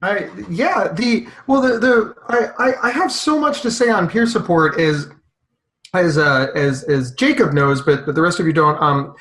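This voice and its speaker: A man advocating for peer support on a live round-table, telling stories with lively energy and frequent stammering restarts. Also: high voice, measured pace, rough recording. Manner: animated storyteller with stammering restarts.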